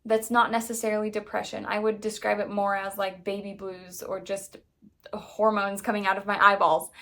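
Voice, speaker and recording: A woman in her thirties chatting candidly to camera as a mom vlogger, full of "like" fillers and sudden lively jumps when excited. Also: medium pitch, moderate pace. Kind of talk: casual chat to camera.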